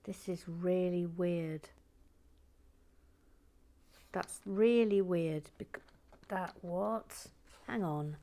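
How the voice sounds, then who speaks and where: A woman's voice: on the low side, very slow, pauses often, warm tone. A woman chatting casually to herself while building LEGO, wry and talkative as she reads out viewer comments.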